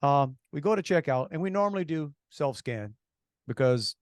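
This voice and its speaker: Animated sarcastic male radio co-host. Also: on the high side, moderate pace, no echo, clean studio sound. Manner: animated storyteller, sarcastic, many restarts. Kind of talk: casual radio chat.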